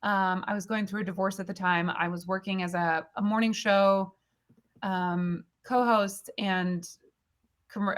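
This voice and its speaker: A woman, a comedian guest, chatting and telling stories with lively acted-out voices over a remote call. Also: mid-range voice. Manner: animated storyteller, acts out voices with big jumps. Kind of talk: casual chat. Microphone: remote call with delay.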